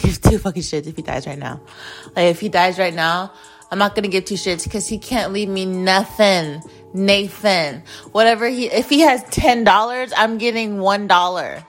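A woman's voice: mid-range voice, expressive, normal speed, a bit bright, faint music behind. A young woman from Phoenix hosting a podcast, telling a personal story in a blunt, profane way with lots of "like". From Phoenix, USA. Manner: blunt and profane, heavy use of "like". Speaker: podcast host. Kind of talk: casual storytelling monologue.

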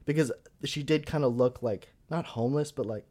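A man's voice: mid-range voice, a little fast. A young man co-hosting a podcast, telling a story in casual chat, full of filler words, and acting out the people he quotes. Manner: animated storyteller, heavy "like" filler, acts out quotes. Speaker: podcast co-host.

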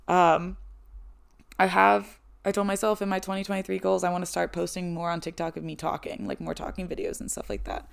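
A raspy-voiced woman in her twenties hosting a podcast, chatting casually and poking fun at herself. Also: medium pitch, fairly even intonation, brisk. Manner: chatty, self-deprecating, laughs often. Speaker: podcast host. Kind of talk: casual chat.

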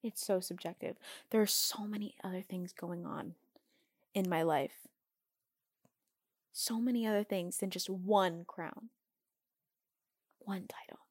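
A woman's voice: fairly even intonation, measured pace, pauses often, darkish tone, husky, no room sound, studio quality. A teenage girl hosting her own podcast, talking casually and upbeat about a recent experience. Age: teens. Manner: bubbly, upbeat, acts out quoted chats in a higher voice. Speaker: podcast host. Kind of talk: casual solo podcast talk.

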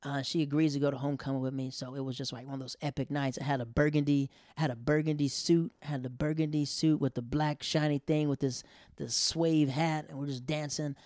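A young man spins a casual personal story on a close, dry mic. His voice sits a bit high for a man, and he jumps into loud, high bursts when he acts out what others said. For the awkward moments he sinks into a hushed near whisper. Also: little pitch movement, a little fast, no echo. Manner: drops to a near whisper for embarrassed asides.

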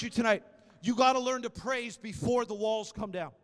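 A male pastor with an unusually high, smooth voice delivers an impassioned sermon at normal speed, rising to loud exhortations and dropping into hushed storytelling. Long reverb from a large church hall trails behind his words.

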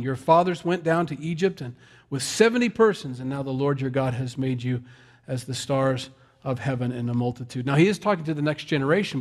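A man preaching a sermon in a conversational, folksy way, with self-deprecating asides. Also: mid-range voice. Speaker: pastor.

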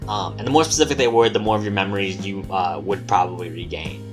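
A man's voice: deep voice, fast, music in the background. A man who runs the game casually recounting a tabletop session, rambling with lots of fillers and the odd swear word. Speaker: game master.

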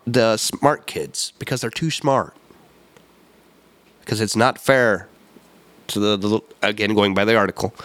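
A man's voice: mid-range voice, dry recording. A man hosting a solo podcast, ranting in an emphatic, rambling way, repeating words and correcting himself. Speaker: podcast host. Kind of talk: solo opinion podcast rant.

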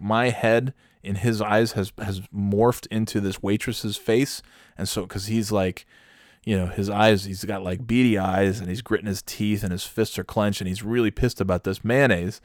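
A man's voice: lowish voice, normal speed, no room sound, clean studio sound. A man telling a casual comic anecdote, profane and exasperated. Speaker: storyteller.

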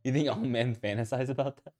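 A man's voice: mid-range voice, fairly even intonation, fast talker, a little mellow. A man co-hosting a casual podcast, asking questions, laughing often and teasing his friend. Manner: laughs a lot and teases. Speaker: podcast co-host.

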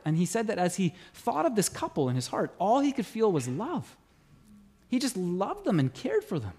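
A middle-aged man preaching a sermon as pastor, telling a story with animated acted-out dialogue. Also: sits high, fast talker, slightly rough.

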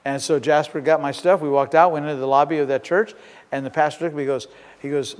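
Male pastor, high-pitched, animated storyteller; long church reverb. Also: fairly quick. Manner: storytelling, animated, swings between loud and hushed. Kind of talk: sermon. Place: church sanctuary. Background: congregation shouting.

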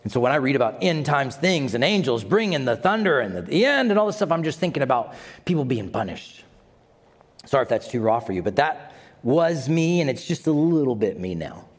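A man preaching a sermon to a congregation, animated and dramatic, with asides to his listeners. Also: medium pitch, fairly quick, in a large hall. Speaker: pastor.

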